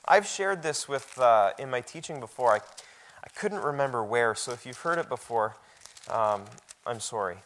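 A man preaching a sermon in a conversational way, often repeating words and growing much louder and higher when he reads scripture aloud. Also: animated, normal speed.

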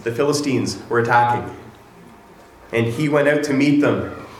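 A man's voice: medium pitch, normal speed, a little hiss or hum. A man preaching a casual sermon, retelling scripture with humorous asides. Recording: echoey room, distant mic.

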